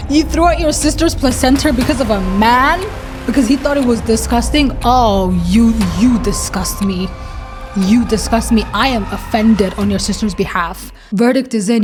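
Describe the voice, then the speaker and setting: A woman hosting a reaction video, ranting bluntly and heatedly as she comments on online posts, swearing freely. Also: on the high side. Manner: animated, emphatic rants.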